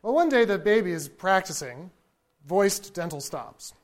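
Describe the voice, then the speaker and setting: Animated man lecturing to an audience. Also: high-pitched, unhurried, noisy background. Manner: conversational, checks in with the audience; animated, chuckles often.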